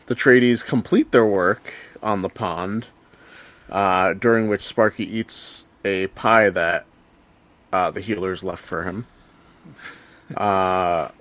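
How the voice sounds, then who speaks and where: A man's voice: lowish voice, a bit bright, no echo. A man hosting a casual podcast chat, recapping a story with lots of "uh" and "you know" fillers. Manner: recaps the plot with many fillers. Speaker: podcast host.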